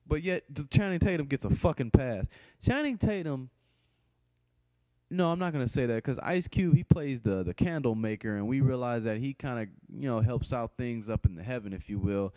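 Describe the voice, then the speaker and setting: A man talks through a movie review in a loose, rambling way, swearing freely and restarting his sentences. His voice is dark and mellow. The recording is dry and close, with no room sound. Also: medium pitch, animated, normal speed, dry recording. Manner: profane, blunt, rambling with many restarts. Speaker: film reviewer. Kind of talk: casual spoken movie review.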